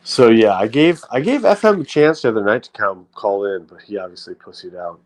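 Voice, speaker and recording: Low-voiced man ranting profanely on stream. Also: expressive, fairly quick, poor audio. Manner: profane, rambling, with frequent restarts. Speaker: livestream host. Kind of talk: casual livestream rant.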